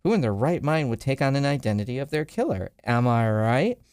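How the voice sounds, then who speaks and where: A man's voice: mid-range voice, very animated, fairly quick, darkish tone, smooth, no echo, studio quality, natural voice. A man voicing a gloating male clown villain who taunts in a mocking, sing-song way. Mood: taunting.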